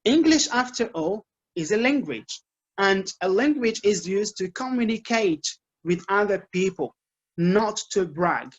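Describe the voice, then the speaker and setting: A man's voice: high voice, lively intonation, measured pace. A man with an Arabic accent, a native Arabic speaker, teaching English learners in an advice talk, patiently repeating his points and checking in with "okay?". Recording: dull lo-fi recording.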